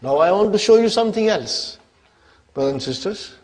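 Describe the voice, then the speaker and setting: A man teaching an Arabic grammar class, speaking slowly and deliberately and often checking that his listeners follow. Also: sits high, lively intonation, a little mellow. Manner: slow, deliberate, constantly checks on listeners with questions.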